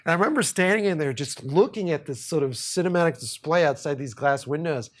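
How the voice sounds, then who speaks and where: A man from Boston with a somewhat high voice, spinning a long anecdote on a podcast. He rambles, swears freely and laughs his way through the story, in the loose tone of casual chat. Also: animated, fast talker. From Boston, USA. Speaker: podcast host.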